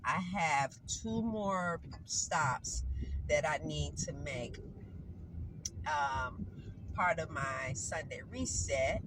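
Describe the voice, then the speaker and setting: A woman's voice: deep voice, expressive, very slow. A woman vlogger with a stuffy nose from a cold, chatting casually and rambling to her viewers while out on errands. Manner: rambling, chatty, self-correcting. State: congested with a cold. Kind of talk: casual chat to camera. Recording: noisy vehicle background.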